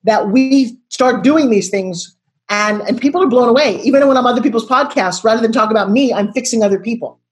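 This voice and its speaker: A woman in her sixties, a guest on a video call interview, telling her story in an expressive, dramatic way. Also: a little high, a little fast, faint music behind.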